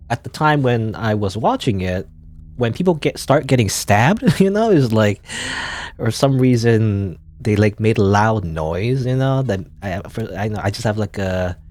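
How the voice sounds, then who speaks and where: A man talks through a video game in casual let's play commentary, rambling and hedging with fillers. His pitch rises and falls in lively swings. He sits at a middling pitch and often reads the on-screen text aloud. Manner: rambling, hesitant, full of "like" and "you know".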